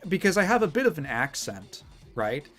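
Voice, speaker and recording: A man's voice: on the high side, big pitch swings, moderate pace, fairly bright tone, faint music behind. A man with a Midwestern accent chatting casually as a streamer, rambling, restarting sentences and laughing often. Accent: Midwestern American. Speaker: streamer reacting to a video. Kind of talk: casual chat.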